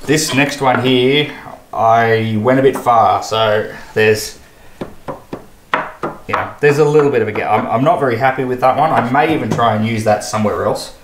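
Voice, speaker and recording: Australian man, casual self-critical build commentary, mid pitch, echoey shed. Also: moderate pace. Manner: thinking aloud, self-critical, easygoing. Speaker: boat builder vlogger. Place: boat shed workshop. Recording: echoey workshop, faint background noise.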